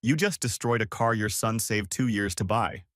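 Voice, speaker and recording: A man voicing a furious woman in her sixties in a read-aloud family story, sharp and icy. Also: lowish voice, normal speed, no room sound, studio quality, lightly acted.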